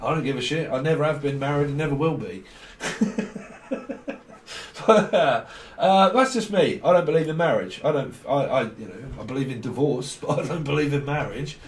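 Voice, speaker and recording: A man's voice: mid-range voice, moderate pace, a little hiss or hum. Rambling man reading tarot. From near London. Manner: free-associating, swearing, chuckling. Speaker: tarot reader. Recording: roomy sound, mic at a distance.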